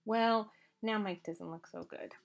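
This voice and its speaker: A woman's voice: medium pitch, measured pace, creaky. A woman lectures through an accounting exercise step by step. Her delivery is casual and conversational, with asides and frequent "all right?" check-ins. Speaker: accounting instructor. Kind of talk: lecture walking through a problem.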